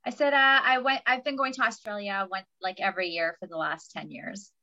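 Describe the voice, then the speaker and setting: Brief: relaxed woman guest, dull recording. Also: mid-range voice, a little fast, no room sound. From Canada. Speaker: podcast guest. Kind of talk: casual podcast chat.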